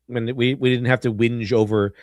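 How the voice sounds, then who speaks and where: Male stream host, mid-pitched, rambling and sarcastic; dry, close sound. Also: fairly even intonation, moderate pace, dry recording. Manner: rambling, many restarts and fillers. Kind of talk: casual film commentary.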